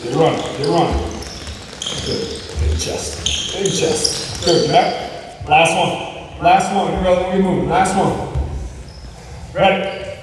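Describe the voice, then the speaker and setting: A man coaching a basketball drill, calling out short commands and quick praise to his players. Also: high voice, noisy background. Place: large gym. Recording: echoey gym from far off.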